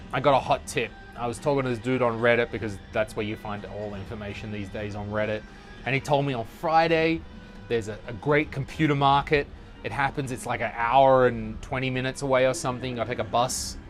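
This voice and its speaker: A young male comedian rambles through a loose, sweary monologue at an ordinary middle pitch, now and then slipping into high mock voices. He records outdoors on a city balcony with a portable recorder. The sound is not studio quality, and faint music plays somewhere in the city behind him. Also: normal speed. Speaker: comedy podcast host.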